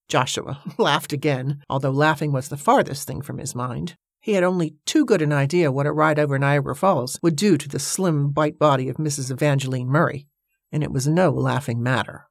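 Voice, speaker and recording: A woman narrating a novel in a steady storytelling manner. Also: low-pitched, a little fast, creaky, no room sound, clean studio sound. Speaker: audiobook narrator. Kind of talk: scripted narration.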